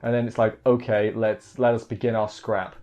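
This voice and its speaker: A man's voice: fairly low pitch, little pitch movement, moderate pace, warm tone. Rambling man recapping an anime episode. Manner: rambling, restarts words, many "like" and "you know" fillers. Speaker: anime reviewer. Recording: dull lo-fi audio with faint music.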